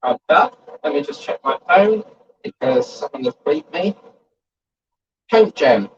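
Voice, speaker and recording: The audio is dull, and the host's voice sits a little high, expressive and breathy-edged, at a measured pace. He runs a model-kit livestream, rambling casually and reading out what viewers write.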